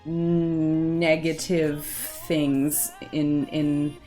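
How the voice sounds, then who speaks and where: Woman streamer, unhurried but flustered and awkward, casual chat over faint background music. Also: low voice, little pitch movement, dark tone. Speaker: livestream host.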